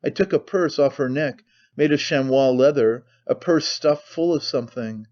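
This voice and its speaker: A man's voice: on the high side, moderate pace, a little mellow, natural voice. A man playing a bitter, tormented young man who speaks wearily and breaks into despair, in a slightly muffled recording. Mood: weary. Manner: weary, brooding, bursts of despair.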